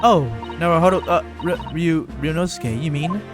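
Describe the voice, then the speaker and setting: A man's voice: on the high side, normal speed, pitched above the performer's own voice, close to an everyday voice. A man reading as a stammering young lawyer. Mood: flustered. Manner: hesitant and stammering. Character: young flustered male defense lawyer. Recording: background game music.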